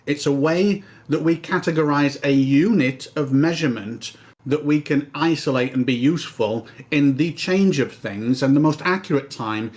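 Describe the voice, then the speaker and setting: A man's voice: fairly high pitch, moderate pace, darkish tone. Man explaining ideas in casual chat. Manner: explanatory, searching for words. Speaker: discussion participant.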